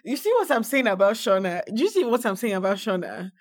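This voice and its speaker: Woman, podcast guest, mid-pitched, animated, laughing, casual chat. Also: quick pace. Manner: animated, acts out reactions and laughs often.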